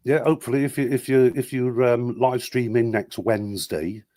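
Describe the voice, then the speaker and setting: A man's voice: mid-range voice, steady tone, normal speed, dark tone, no echo, clean studio sound. A man in his fifties, English-born and raised in South Wales, chatting as a guest on a video call and rambling. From England. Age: 50s. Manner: chatty, rambling, trying out accents. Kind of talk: casual chat.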